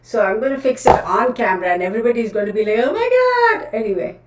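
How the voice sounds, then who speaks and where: A woman's voice: mid-range voice, racing, very noisy. A woman hosting a casual livestream, chatty and scattered, often laughing at herself. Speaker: tarot livestream host. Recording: roomy, distant camera audio.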